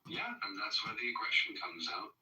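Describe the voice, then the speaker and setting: Man, low voice, calm, sneering, hushed, distant mic, echoey room. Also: moderate pace, a little hiss or hum. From London. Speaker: livestream guest, heckler. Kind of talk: heated livestream argument. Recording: roomy echo, distant from the mic.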